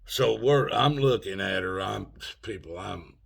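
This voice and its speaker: A man's voice: fairly low pitch, unhurried, creaky, fairly bright tone, breathy edge. A man of sixty telling a story in a rambling, folksy way with loose grammar. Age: 60s. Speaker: vlogger. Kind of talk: casual storytelling.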